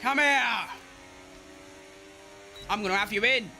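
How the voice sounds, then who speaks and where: A man giving excitable, self-mocking live commentary while playing a racing game, talking to himself as he drives. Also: high voice, takes it slowly, soft background music. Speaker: gaming streamer.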